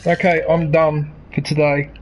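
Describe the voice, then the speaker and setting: Speaking at a measured pace in a slightly high, flat voice, this man streams a game and rants casually over the gameplay. He works himself up, frequently starting over and saying things again. The recording has its highs cut off and slight background noise.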